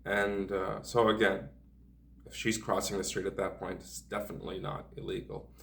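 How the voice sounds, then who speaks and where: A man's voice: low voice, level tone, normal speed, vocal fry, a bit bright, recorded from a distance, slight background noise. A man telling a meandering personal story in a sardonic tone, full of hedging asides. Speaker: vlogger.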